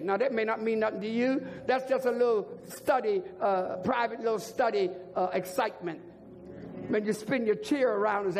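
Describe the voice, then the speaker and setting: An older man preaching a sermon as a bishop, driving points home by repeating words and rising to shouts. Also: very high-pitched. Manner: emphatic repetition, rising to shouts. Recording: long hall reverb, faint organ music.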